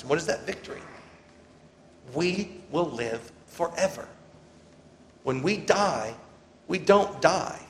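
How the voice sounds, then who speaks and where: A man preaching a sermon as pastor, swelling loudly when he quotes scripture and dropping low between points. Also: creaky. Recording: reverberant hall, faint ambient noise.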